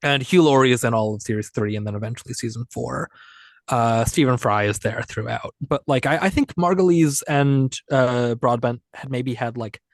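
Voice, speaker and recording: A man's voice: medium pitch, normal speed, no echo. Man, podcast co-host, casual chat, rambling, jokey, dry recording.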